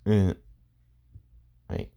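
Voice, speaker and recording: A man improvising a fan story, rambling and filling pauses with "and yeah.". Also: dark tone.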